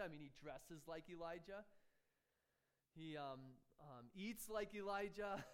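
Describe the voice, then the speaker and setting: Male preacher, high voice, conversational sermon delivery full of rhetorical questions and light chuckles. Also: expressive, normal speed, clean tone. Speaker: pastor.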